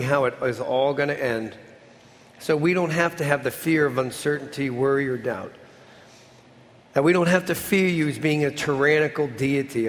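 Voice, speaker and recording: A man preaching a sermon and leading a closing prayer, earnest, his voice often dropping softly at the end of a line. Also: mid-range voice, in a large hall. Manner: earnest preaching, drops to a soft voice at the ends of lines. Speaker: pastor.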